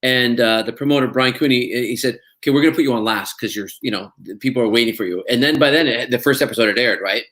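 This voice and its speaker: Middle-aged Scottish man, mid-pitched, animated anecdote teller in an interview. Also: fast, few pauses. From Scotland. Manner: animated storyteller, acts out voices in quotes. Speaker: actor guest.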